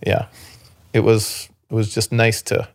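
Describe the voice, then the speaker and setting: A man from Canada with a lowish, gravelly voice rambles through a long story on a podcast. His talk is loose and full of fillers and restarts. The recording is close and dry, with no room sound. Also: little pitch movement, a little slow, no echo. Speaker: podcast guest, former basketball player. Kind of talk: casual storytelling conversation.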